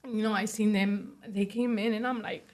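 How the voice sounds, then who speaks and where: A young woman speaking as an interview guest, giving a personal testimony in a soft voice full of "you know" and "like". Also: mid-range voice, fairly even intonation, normal speed. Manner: soft-spoken, many fillers like "you know" and "like".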